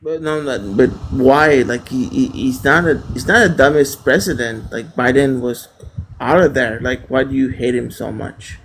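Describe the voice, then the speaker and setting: A man's voice: medium pitch, steady tone, normal speed, a little hiss or hum, poor audio. A male caller whose first language is French, speaking English with a French accent, hesitant and full of fillers. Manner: hesitant, filler-heavy, repeats words.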